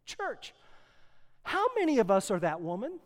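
High-voiced preacher in a reverberant hall. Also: male voice, wildly swooping pitch, measured pace. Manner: swings from hushed storytelling to loud preaching. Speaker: pastor. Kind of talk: sermon.

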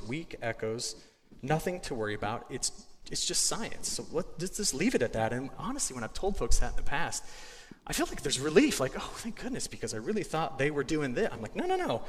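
A man in his forties delivers a sermon from the front of a church, talking in a loose, animated style and restarting his sentences as he goes. His voice sits at a middle pitch and carries a long hall reverb. A faint hum of ambient noise stays under him. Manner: conversational, joking, animated, with frequent restarts. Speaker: guest speaker, meteorologist. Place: church sanctuary.

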